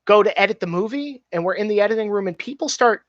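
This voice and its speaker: A filmmaker guest, a man, tells stories casually, animated, swearing freely and speaking candidly. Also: high voice, fast, no room sound. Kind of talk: casual storytelling. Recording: dull, dry, slightly muffled.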